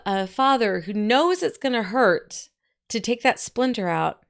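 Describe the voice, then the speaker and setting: A woman teaching a poetry lesson in a chatty, folksy way, with asides and quick quoted voices. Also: lowish voice. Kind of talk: poetry lesson, casual explaining.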